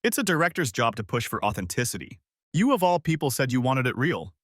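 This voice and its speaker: A man voicing a male film director who speaks gently and in measured tones over hidden nerves. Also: medium pitch, big pitch swings, dry recording, clean studio sound.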